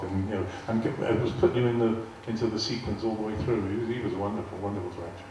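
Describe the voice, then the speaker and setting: A man's voice: on the low side, fairly even intonation, very fast, hardly any pauses. A man in his later years with a West Country accent, telling amused anecdotes as a guest speaker to a live audience. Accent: West Country English. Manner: chatty, amused storyteller. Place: large arts hall. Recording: echoey hall, distant mic, faint hiss.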